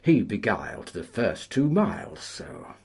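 A man narrating a story, measured and expressive. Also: on the low side, creaky, breathy edge. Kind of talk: audiobook narration.

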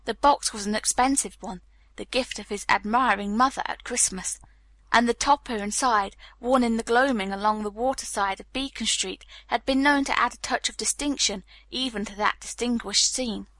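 A woman narrating a novel as an audiobook reader, telling the story in a calm, even manner. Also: on the high side, normal speed, dry recording. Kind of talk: scripted narration.

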